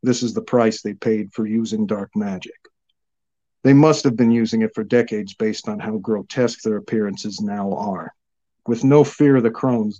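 Mellow low-voiced male storyteller. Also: dull audio. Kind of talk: fantasy story narration.

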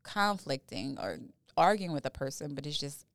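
Low, smooth-voiced woman co-host. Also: sing-song, moderate pace, dry recording. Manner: emphatic, blunt, swears casually. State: tipsy from champagne. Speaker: podcast co-host. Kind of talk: casual chat.

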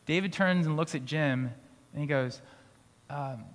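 Speaking a little high and a little slowly, this male pastor preaches conversationally, restarting phrases and occasionally laughing lightly. The setting is a school auditorium used for church, and the recording has long hall reverb.

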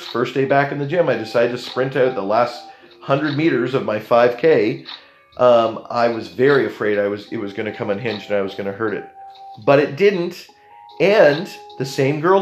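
A young Canadian man telling a story in a casual, animated way, jumping into the voices of the people in it. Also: medium pitch, roomy sound, dull audio.

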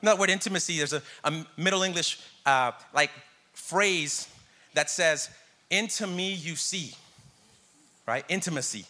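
A man delivers a sermon with a high, bright voice. He talks in a loose, conversational way, jokes with the congregation and calls out for responses. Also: moderate pace. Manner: conversational and jokey, calling out to the congregation. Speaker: pastor.

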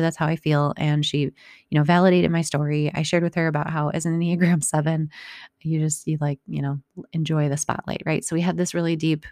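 A woman in her thirties or forties speaks straight to her listeners, telling a personal story in an unhurried, reflective way. Her voice sits low, with a gravelly fry and a mellow, dark tone. The recording is close and dry. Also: no room sound. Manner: warm, reflective, a bit long-winded with restarts. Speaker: podcast host speaking to listeners.

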